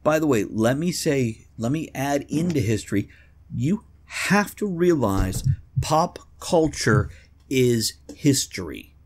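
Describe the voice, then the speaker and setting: A man's voice: mid-range voice, animated, takes it slowly. A man co-hosting a casual podcast chat, opinionated and joking, swearing freely. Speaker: podcast co-host.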